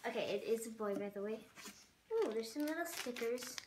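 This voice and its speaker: A woman's voice: fairly high pitch, brisk. Gushing young woman in an echoey room. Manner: gushing, excitable, many fillers. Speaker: vlogger. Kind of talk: casual unboxing commentary. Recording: echoey room with background noise.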